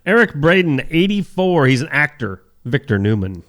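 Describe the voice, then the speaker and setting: A man's voice: fairly high pitch, sing-song, normal speed, a bit bright. A man co-hosting a morning radio show, reading out celebrity birthdays in an easygoing, chuckling manner. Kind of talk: casual morning show banter.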